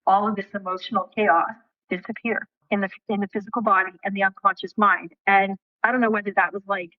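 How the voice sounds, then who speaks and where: A woman guest in an interview, telling a personal story in an animated way and acting out what people said, with casual swearing. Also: mid-range voice, brisk, dry recording, phone-quality sound.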